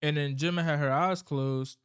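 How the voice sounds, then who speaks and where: A man's voice: fairly high pitch, fairly even intonation, normal speed, clean tone. A man casually recapping a horror movie's plot, rambling and swearing freely as he talks. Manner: rambling, profane, loose storytelling.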